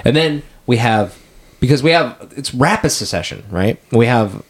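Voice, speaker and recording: A man's voice: mid-range voice, lively intonation, moderate pace, slightly rough. A man co-hosting a casual movie discussion podcast, talking animatedly with frequent restarts and self-corrections. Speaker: podcast co-host.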